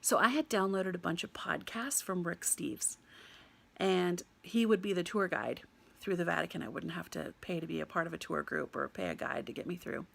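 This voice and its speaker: Young American woman, storyteller; slight vocal fry, lively delivery with frequent laughter. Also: lowish voice, moderate pace. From United States. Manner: animated, laughs often, mimics other people. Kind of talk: personal storytelling.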